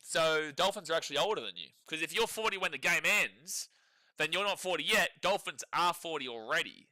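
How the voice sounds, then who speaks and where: A man's voice: on the high side, lively intonation, fairly quick, pushed and bright, no echo. A young Australian man co-hosting a live sports watch-along stream, sarcastic, laughing often and reading chat messages aloud. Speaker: livestream co-host.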